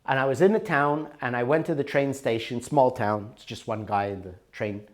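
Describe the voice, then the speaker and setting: A man's voice: mid-range voice, normal speed. A middle-aged man teaching a workshop in a conversational, storytelling way with rising and falling emphasis. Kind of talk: recorded workshop talk.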